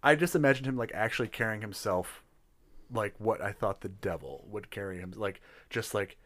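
A man's voice: lowish voice, normal speed, fairly bright tone, no room sound. A man chatting casually about a role-play session, rambling with many restarts and fillers. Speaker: tabletop role-play player.

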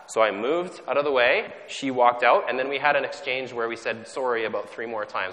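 A man's voice: medium pitch, fast talker, hardly any pauses, sharp tone. A man from Canada preaching a sermon in a conversational, self-deprecating way, often restarting his sentences. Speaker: pastor. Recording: long hall reverb.

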